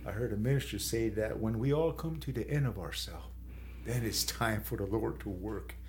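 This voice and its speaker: A man's voice: moderate pace, darkish tone, slight background noise. A man from the San Carlos Apache reservation giving a personal testimony as a street evangelist, growing emotional and tearful. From San Carlos Apache reservation, Arizona. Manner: emotional, rising high when moved, tearful.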